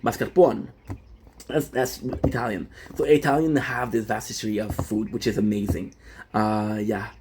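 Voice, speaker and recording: A man's voice: fairly low pitch, steady tone, normal speed, noisy background. A young French-Canadian man, native French speaker, rambling casually on a live stream and answering chat with many fillers. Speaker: livestreamer.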